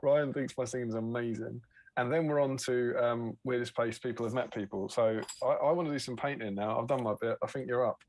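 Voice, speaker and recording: A man's voice: mid-range voice, steady tone, fairly quick, dry recording. A man co-hosting a casual livestream chat, telling anecdotes and laughing often. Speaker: co-host.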